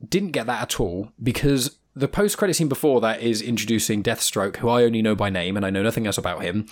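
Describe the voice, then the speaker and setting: Un uomo con britannico che conduce un podcast di cinema, chiacchierando in modo disordinato e autoironico, ridendo spesso. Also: male voice, on the low side, fast. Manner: rambling, self-deprecating, laughs often. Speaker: podcast host. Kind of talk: casual film podcast chat.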